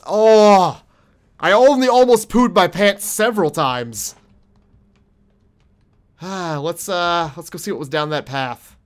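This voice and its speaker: A young man giving let's play commentary on a horror game, jumpy and profane, yelling at monsters and taunting them. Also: high voice. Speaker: gaming streamer.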